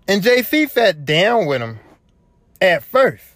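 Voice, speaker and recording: A man's voice: high voice, big pitch swings, slow, a bit bright, dry recording. A young man, retelling a story on his podcast and acting out what other people said. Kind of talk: casual storytelling monologue. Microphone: home podcast mic.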